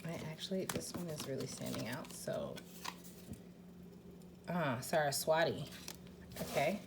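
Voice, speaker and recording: A woman's voice: low-pitched, a little slow, creaky, background noise. A woman giving a casual pick-a-card tarot reading, chatty and rambling, with lots of fillers, restarts and casual swearing.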